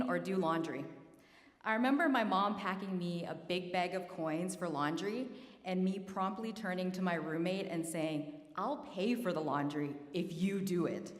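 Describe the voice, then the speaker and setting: A woman in her thirties speaks in a fairly low voice as she accepts an award. She is earnest and self-deprecating and holds back tears. The sound rings around a large, echoey hall with a long reverb tail. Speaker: award recipient giving acceptance speech. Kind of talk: prepared acceptance speech.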